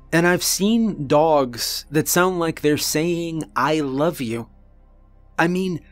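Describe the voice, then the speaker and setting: A man narrating a first-person horror story in a deliberate, earnest manner with dramatic pauses. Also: on the high side, no echo.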